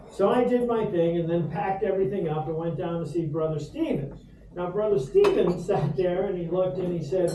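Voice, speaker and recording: A man's voice: high-pitched, moderate pace. A middle-aged man from Rhode Island giving a humorous, rambling toast to dinner guests in a restaurant, with lots of ums. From Rhode Island, USA. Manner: humorous anecdotal storyteller, many fillers. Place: restaurant dining room. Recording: roomy echo from far off, background noise.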